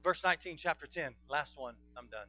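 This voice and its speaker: High-voiced preacher, fiery and emphatic. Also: male voice, lively intonation, fairly quick, soft background music. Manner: emphatic preaching with call-and-response, swinging from soft to loud. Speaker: pastor. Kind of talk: sermon. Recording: dull lo-fi sound.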